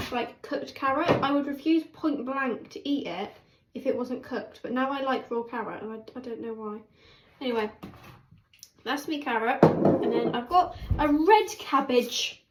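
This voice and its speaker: A woman chatting casually while she cooks, rambling and poking fun at herself. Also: high voice. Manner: chatty, rambling, self-mocking. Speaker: cooking vlogger. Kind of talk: casual cooking chat. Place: home kitchen. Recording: echoey kitchen with background noise.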